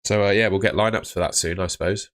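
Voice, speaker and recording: Low-voiced man chatting on stream. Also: fairly even intonation, fast talker, fairly bright tone. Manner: chatty, reads out chat comments. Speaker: fantasy football streamer. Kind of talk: casual live stream chat.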